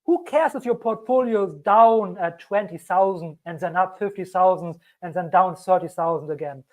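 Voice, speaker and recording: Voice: medium pitch, moderate pace, a little mellow. A crypto channel host giving emphatic solo commentary on a cheap microphone, repeating key warnings and acting out panicky investors.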